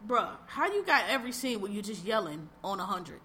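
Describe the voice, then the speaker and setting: A woman co-hosting a podcast, bluntly ranting in casual chat about a TV show, repeating herself and getting animated. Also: mid-range voice, fairly quick, a little hiss or hum. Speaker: podcast co-host.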